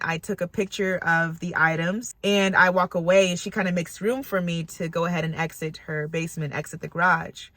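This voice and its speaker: A young woman telling a personal story to her viewers in a casual, animated way, laughing often and acting out her own reactions. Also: on the low side, no room sound. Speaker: storytime vlogger.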